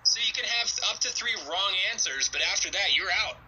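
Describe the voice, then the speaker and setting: A man's voice: high-pitched, lively intonation, pushed and bright, a little hiss or hum, poor audio. A man hosting a podcast, running a playful movie quiz in casual chat. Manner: playful, drawn-out game-show delivery.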